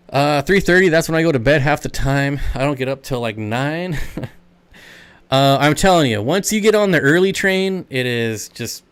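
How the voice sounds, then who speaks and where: Smooth-voiced chatty male stream host. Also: medium pitch. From United States. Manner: chatty, rambling, reads and answers chat comments. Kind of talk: casual live stream Q&A.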